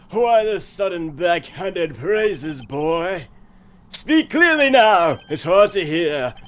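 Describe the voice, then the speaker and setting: A man's voice: sits high, a bit bright, heavily acted. A man playing a pompous old ambassador. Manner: inverted, halting old-man phrasing. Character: pompous old male ambassador, ex-army officer. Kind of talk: improvised game dub.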